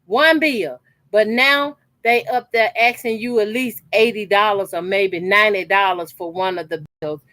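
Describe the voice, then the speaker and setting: A woman's voice: mid-range voice, normal speed, bright, forceful tone, no room sound. A woman, chatting casually to her viewers while she cuts fabric scraps for a quilt, emphatic and repetitive. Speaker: sewing channel host. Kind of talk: casual chat while sewing. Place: her sewing corner at home.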